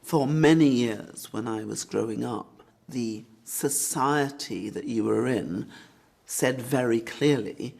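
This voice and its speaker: A middle-aged man giving a documentary interview, reflective and measured. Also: medium pitch, vocal fry, darkish tone.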